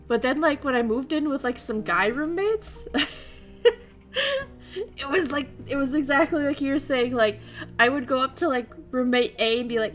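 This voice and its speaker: Young woman, streamer, casual chat, chatty and animated, laughs a lot, fairly high voice, faint music. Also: moderate pace.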